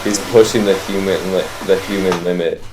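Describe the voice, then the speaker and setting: A man's voice: low-pitched, steady tone, fairly quick. A young man co-hosting a casual podcast, laid-back and swearing casually. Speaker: podcast co-host. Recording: echoey room with crowd noise behind.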